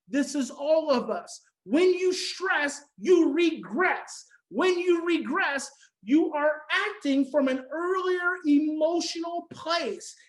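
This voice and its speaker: A woman's voice: sits high, poor audio. A woman giving a teaching talk on parenting adopted children, emphatic and repeating her key phrases, now and then acting out everyday reactions. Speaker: conference speaker on adoption parenting.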